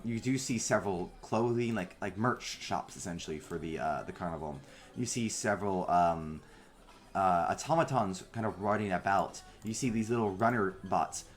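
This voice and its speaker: Man, game master, narrating tabletop game, halting, fillers, lowish voice.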